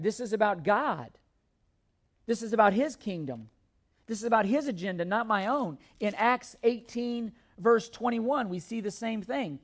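Speaking in a high, expressive voice at an unhurried pace, a man preaches a sermon. He reads scripture aloud and explains it between comments, earnest and emphatic, often restarting and repeating words.

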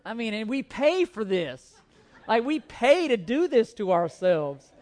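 A pastor in the pulpit with a notably high voice for a man, his delivery lively and full of self-mocking humor. He is a middle-aged man who tells a story with quick restarts, then settles into preaching. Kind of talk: sermon with humorous personal story.

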